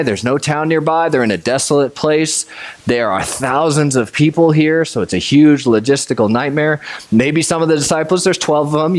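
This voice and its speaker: A man preaching a conversational sermon, telling the story with energy and acting out scenes. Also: medium pitch. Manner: animated storytelling, acts out scenes, chuckles. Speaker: pastor.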